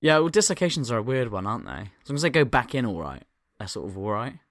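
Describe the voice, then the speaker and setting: A man's voice: mid-range voice, very animated, quick pace, no echo, studio quality. A young man co-hosting a podcast, playful and jokingly boastful in casual chat. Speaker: podcast co-host.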